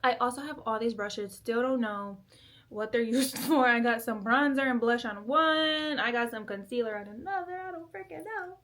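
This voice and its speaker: A woman's voice: fairly high pitch, moderate pace, fairly bright tone. A woman in her twenties chatting casually and giggling as she does her makeup at home. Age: 20s. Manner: chatty, giggly, self-deprecating. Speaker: vlogger. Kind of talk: casual chat while doing makeup. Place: bedroom at home.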